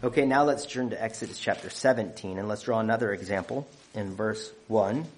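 A man's voice: fairly low pitch, brisk. A man preaching a sermon, counting off numbered points with emphatic stress on key phrases.

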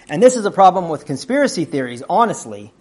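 A man preaching a sermon in a conversational teaching manner, often asking his listeners questions and clearing his throat. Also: on the high side, darkish tone.

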